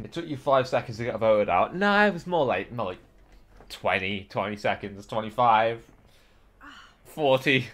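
A man's voice: mid-range voice, animated, moderate pace, fairly bright tone. A young British man chatting playfully in a multiplayer game voice chat, joking and laughing often. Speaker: gaming YouTuber. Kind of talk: playful let's-play chat.

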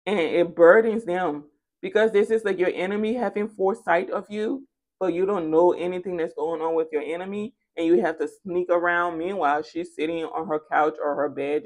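Tarot reader, female, lower register, chatty and emphatic, repeats lines for stress. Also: creaky, a little mellow. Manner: casual and chatty. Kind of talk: spoken tarot reading.

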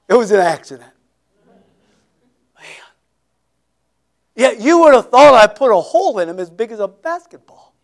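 A man's voice: very high voice, big pitch swings, normal speed, gravelly, long pauses. A male pastor preaching a sermon, telling Bible stories dramatically with folksy, conversational asides. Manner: dramatic storytelling, acting out scenes.

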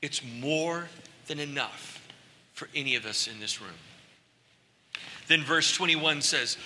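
A man preaching a sermon as pastor, conversational, drawing out key words slowly and building to emphatic peaks. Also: on the high side, bright, forceful tone, slight background noise. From United States. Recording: church hall with long reverb.

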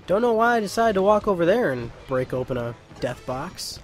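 A man's voice: sits high, very animated, fairly quick. A young man giving casual, rambling, joking gameplay commentary into a home mic. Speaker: let's play host. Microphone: home mic with pop filter.

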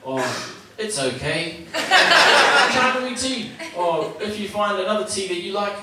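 A man with a New Zealand accent putting on a slow, mumbling, deadpan Kiwi bloke. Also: sits high, very echoey, distant mic, very noisy.

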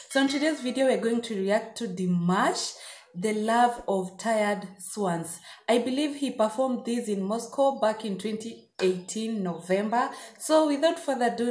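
Woman reacting to a song on her channel, all gushy and excited, echoey room. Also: medium pitch. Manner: effusive and gushing. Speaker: reaction video host. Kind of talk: casual reaction vlog. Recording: roomy echo.

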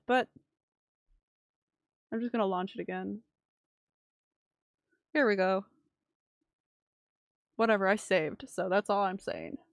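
Gravelly, chatty young woman streamer. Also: medium pitch, no room sound. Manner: chatty, rambling, swears casually, self-mocking. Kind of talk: casual gameplay commentary.

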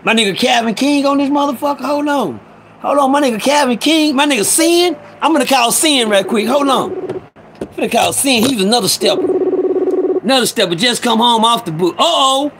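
An excitable, high-voiced man from Ferguson, Missouri hosts a casual live stream chat, recorded on a phone with background noise. His street talk is loud, excitable and profane.

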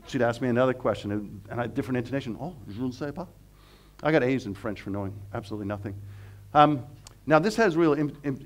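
A middle-aged man from Canada, a professor giving a humorous, animated seminar talk that mixes jokes into the teaching. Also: mid-range voice. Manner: animated, joking, acts out quotes. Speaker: guest speaker, professor.

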